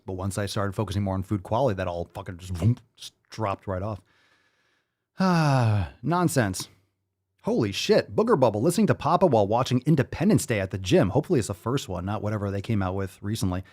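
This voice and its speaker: A man's voice: lowish voice, lively intonation, fast, darkish tone. A man hosting a live-stream podcast, reading viewer comments aloud in a profane, hyped-up, sarcastic way. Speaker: podcast host.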